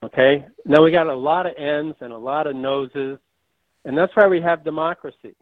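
A man's voice: a little high, normal speed, no echo. Rambling male caller on a tinny phone line. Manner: rambling, hesitant, with many ums.

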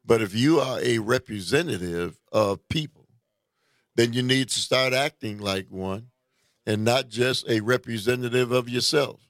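Slow gravelly-voiced man ranting. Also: mid-range voice, fairly bright tone, dry recording, studio quality. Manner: indignant, deliberate, with frequent restarts. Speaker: political commentator. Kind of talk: opinion monologue; reading a news report aloud.

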